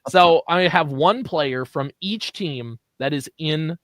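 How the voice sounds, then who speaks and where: Slightly high-voiced guy running a radio sports quiz, teasing, dry studio mic. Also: a bit bright, no echo. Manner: teasing quizmaster, drawls clues slowly. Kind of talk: casual sports radio banter.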